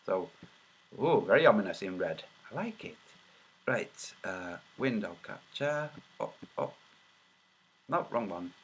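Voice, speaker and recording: A man's voice: deep voice, sing-song, takes it slowly, pauses often, breathy edge. A man hosting a casual livestream, muttering to himself while he searches and then commenting in a mocking, sarcastic way. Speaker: video host.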